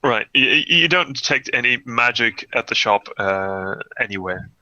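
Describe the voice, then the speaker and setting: A man's voice: medium pitch, lively intonation, normal speed, sharp tone, no echo, highs cut off. A young man running a tabletop game as game master, who narrates with many hesitations and restarts.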